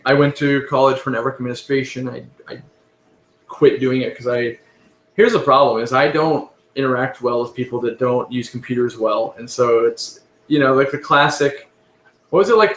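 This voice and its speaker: Rambling man in an echoey room. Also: medium pitch. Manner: relaxed, rambling, self-correcting. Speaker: live stream host answering viewer questions. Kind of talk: casual live stream Q&A.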